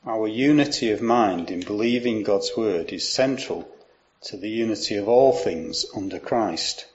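Slow, low-voiced male preacher. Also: lo-fi sound. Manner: measured, explanatory, reads scripture aloud. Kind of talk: sermon.

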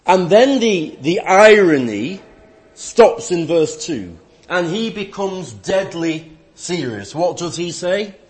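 A man preaching in a slow, deliberate way, his fairly high voice rising and falling with great animation. He mixes dry, wry humor with earnest emphasis as he reads and explains scripture. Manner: slow, deliberate delivery with lively rise and fall. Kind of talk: sermon with scripture reading.

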